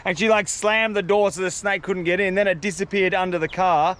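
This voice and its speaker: A young man, vlogging outdoors in the bush, rambling excitedly in casual slang. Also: high voice, a little fast. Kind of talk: casual outdoor vlog narration.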